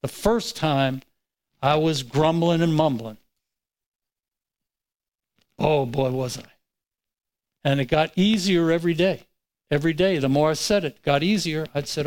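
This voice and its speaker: A man delivers a sermon as a personal story, his voice sitting a little high. He tells it in an animated way, acting out his own words as he goes. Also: unhurried, pauses often, poor audio. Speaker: pastor.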